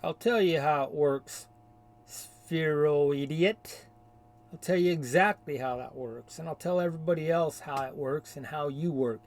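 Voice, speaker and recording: A man's voice: fairly high pitch, moderate pace, hardly any pauses. A man delivering a combative, insulting rant in a video rebuttal. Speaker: video commentator. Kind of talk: ranting rebuttal.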